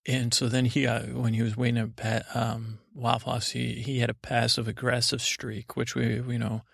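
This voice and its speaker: A gravelly man rambles through a bedtime story, meandering and deadpan. His voice is flat and even, recorded close and dry. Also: medium pitch, normal speed, dry recording. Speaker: podcast host, storyteller.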